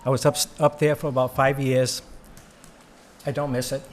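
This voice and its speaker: A former board member giving heartfelt public comment at a town meeting, earnest and plain with frequent fillers. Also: male voice, medium pitch, little pitch movement, normal speed, soft background music.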